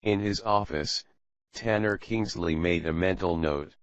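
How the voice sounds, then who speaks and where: A man narrating an audiobook with a very deep voice, slow and steady. Each line is measured and even. The recording is dry and muffled, with a lo-fi dullness. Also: dry recording. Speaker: audiobook reader. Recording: dull lo-fi audiobook.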